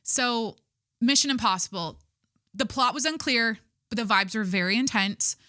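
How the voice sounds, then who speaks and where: A woman's voice: a little high, normal speed, bright, forceful tone, no room sound, studio quality. A young woman hosting a podcast in casual chat, rambling with lots of "like" and swearing, laughing at herself. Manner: rambling, heavy use of "like", swearing, self-mocking. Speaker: podcast host.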